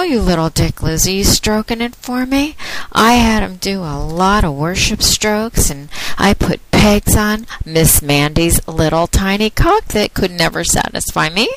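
Woman host with a lowish voice and a dry, close sound. Teasing, mocking solo monologue. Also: no room sound, rough recording. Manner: teasing, mocking, drawn-out delivery; quiet, even reading of the opening notice. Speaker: podcast host.

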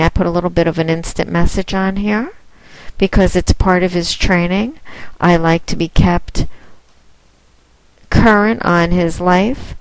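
A woman's voice: fairly low pitch, smooth, no echo, poor audio. A woman speaking as a dominant mistress, with a teasing, commanding manner in a casual monologue aimed at one listener. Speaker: phone domination mistress promoting her line.

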